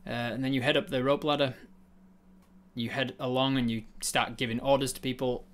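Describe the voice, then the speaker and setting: A man narrating a tabletop game as game master, halting and full of uhs and ums. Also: mid-range voice, little pitch movement.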